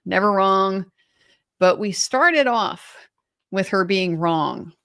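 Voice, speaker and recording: A woman's voice: medium pitch, lively intonation, slow, a bit bright, dry recording, studio quality. A middle-aged woman, an attorney, giving sardonic, pointed live commentary on a trial and sometimes mimicking the people she discusses.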